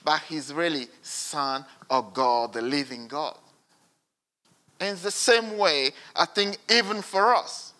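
Bright-toned man preaching a sermon. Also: a little high, takes it slowly. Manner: earnest, swings between hushed and emphatic.

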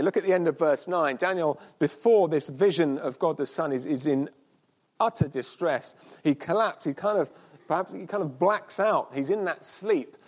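An earnest man preaching to a church service at a mid-range pitch. He pauses and restarts, then slows down to repeat key words with weight. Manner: earnest, pausing, with restarts and slow emphatic repeats. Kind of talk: sermon.

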